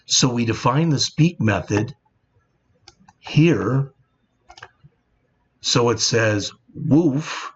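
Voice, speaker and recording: A man's voice: mid-range voice, expressive, drawn-out words, pauses often, breathy edge. A man teaching programming in a screen-recorded coding tutorial, explaining plainly and often saying "all right". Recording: dull lo-fi sound with faint background noise.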